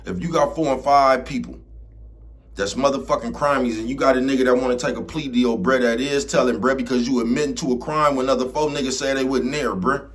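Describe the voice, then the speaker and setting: A man's voice: medium pitch, fairly even intonation, fairly quick. A man ranting casually to camera in a laid-back, streetwise way, keeps asking "you know what I'm talking about". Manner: laid-back, gets loud and heated. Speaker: vlogger.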